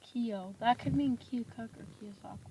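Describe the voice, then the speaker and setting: A woman riding along on a storm chase, chatting casually from inside a car, teasing dryly and often speaking quietly. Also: fairly high pitch, normal speed, background noise. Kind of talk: casual chat while driving.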